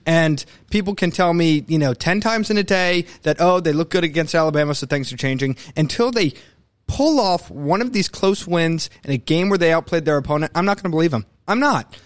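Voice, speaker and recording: A young man co-hosting a casual sports talk show, animated and opinionated. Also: a little high, normal speed, dry recording. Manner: animated, opinionated, mimics coaches mid-rant. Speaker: sports podcast co-host.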